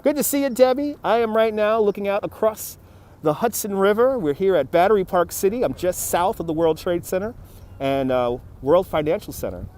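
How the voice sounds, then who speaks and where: A man's voice: high voice, animated, normal speed, a little mellow. Chatty New man livestreaming outdoors. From New York City. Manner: chatty, greets viewers by name, laughs easily. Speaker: livestream host. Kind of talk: live walking-tour chat reading viewer comments. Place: outdoors on a city riverfront. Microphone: phone on a handheld gimbal.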